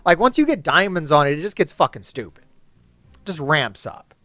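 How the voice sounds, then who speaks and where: A man giving casual gameplay commentary to his chat, swearing often and ranting excitedly about characters. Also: on the high side, moderate pace, no echo. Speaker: gaming YouTuber.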